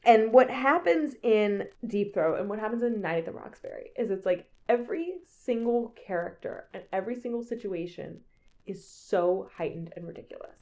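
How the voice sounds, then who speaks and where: A woman's voice: medium pitch, animated, moderate pace, a little mellow, highs cut off. A woman co-hosting a podcast, making an enthusiastic, profane case for a film in casual chat. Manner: enthusiastic, profane, builds arguments. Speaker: podcast co-host.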